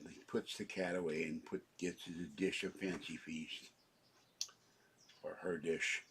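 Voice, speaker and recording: In his kitchen, a man in his seventies records a rambling, chatty home vlog, drifting from one topic to the next and flaring up whenever something makes him indignant. His voice is low-pitched with a breathy edge.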